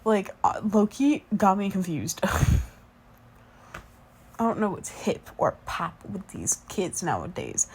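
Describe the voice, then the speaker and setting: A woman's voice: mid-range voice, darkish tone, slight background noise. A woman in her twenties doing a whispered role-play as the listener's sleepy, chatty fiancée, rambling between yawns.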